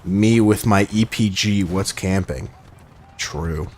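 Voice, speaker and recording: A man's voice: low voice, slow, darkish tone, slight background noise. A man streaming a shooter game live, chatting casually in a rambling, playful way and reading viewer messages aloud. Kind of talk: casual live gameplay chat.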